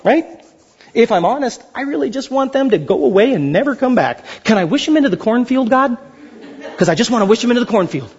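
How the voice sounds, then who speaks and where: A man's voice: very high voice, animated, quick pace, a little mellow, breathy edge, muffled recording. A man preaching a sermon as pastor, joking and acting out little dialogues.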